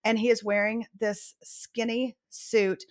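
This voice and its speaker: A woman's voice: fairly high pitch, level tone, slow. A middle-aged woman co-hosting a podcast, chatting casually with a playful, comic delivery. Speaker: podcast co-host. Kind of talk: casual chat.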